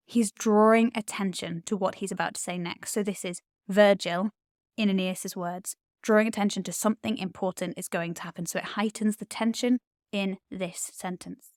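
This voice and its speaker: A woman's voice: medium pitch, fairly even intonation, a little fast, dry recording, clean studio sound. A woman Latin tutor, explaining poetry in an enthusiastic, chatty way with frequent ums.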